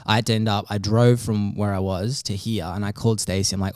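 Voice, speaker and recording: A man's voice: lowish voice, fairly even intonation, brisk, a little mellow, no room sound, clean studio sound. A young Australian man chatting casually on a podcast, rambling and swearing freely as he acts out quoted conversations. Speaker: podcast host.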